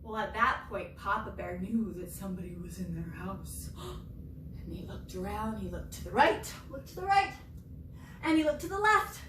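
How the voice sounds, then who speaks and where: Animated sing-song yoga teacher woman. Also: mid-range voice, normal speed, a little hiss or hum. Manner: expressive, sing-song, with gasps and whispers. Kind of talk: storytelling yoga lesson for children. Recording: roomy, from far off.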